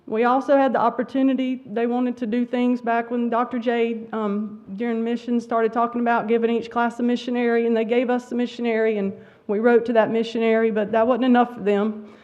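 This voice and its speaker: A woman's voice: fairly high pitch, flat delivery, a little fast, hardly any pauses, darkish tone. A middle-aged woman teacher speaking at a church school awards service, emotional and trying not to cry. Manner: emotional, near tears. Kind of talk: award ceremony speech. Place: church sanctuary. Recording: dull lo-fi sound.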